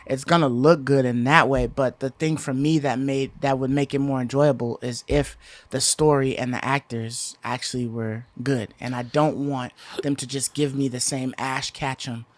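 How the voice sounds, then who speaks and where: A man's voice: medium pitch, steady tone, moderate pace. A man in his thirties co-hosting a casual podcast, rambling with lots of fillers and restarts. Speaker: podcast co-host.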